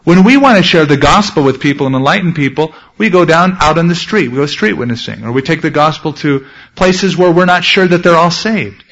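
A pastor delivering a sermon in a fairly high male voice. His tone is earnest and direct. He slows to a measured pace whenever he reads scripture. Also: animated, a bit bright, highs cut off.

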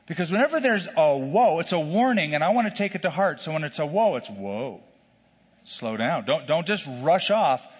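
A man preaching a verse-by-verse sermon, animated, repeating words as he goes and acting out the shouts in the story he tells. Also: fairly high pitch, fairly quick, few pauses, breathy edge. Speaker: pastor. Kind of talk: expository sermon with a told joke. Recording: dull, distant church hall sound.

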